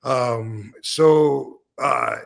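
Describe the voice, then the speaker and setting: A man's voice: mid-range voice, extremely slow, creaky. A man hosting a podcast in casual chat, telling stories in a blunt, unapologetic way. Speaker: podcast host.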